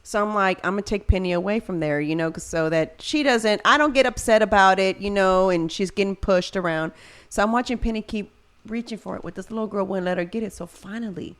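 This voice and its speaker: A woman's voice: medium pitch, a little fast, smooth. A woman in her thirties, a mother, chatting casually on a podcast and acting out the voices in her stories. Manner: animated storyteller, acts out quoted voices. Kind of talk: casual chat.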